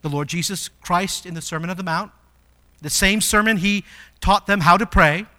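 Male pastor, high voice, sermon delivery, emphatic with sharp swings from hushed to loud. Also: normal speed.

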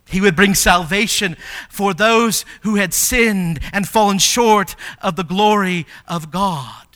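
High-voiced preacher in an echoing church. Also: male voice, slow pace. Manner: swings from soft and low to loud and emphatic. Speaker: pastor. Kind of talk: sermon. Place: church sanctuary. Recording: long hall reverb.

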